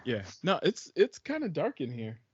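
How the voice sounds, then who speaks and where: A man's voice: a little high, huge pitch swings, moderate pace, husky, no echo. A man co-hosting a podcast in casual chat, laid-back, with short replies and wry jokes. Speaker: podcast co-host. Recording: dry, slightly dull sound.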